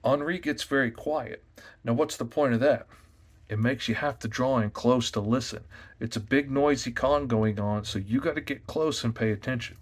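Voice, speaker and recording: A comic artist, a man, giving sales tips in a loud, energetic, chatty way. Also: medium pitch, moderate pace. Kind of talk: casual tips talk to camera.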